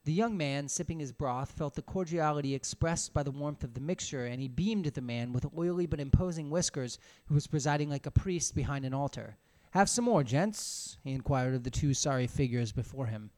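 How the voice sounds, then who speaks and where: A man reading a story aloud in a small room alone, expressive, with casual asides. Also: medium pitch, a little fast, few pauses. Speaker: reader.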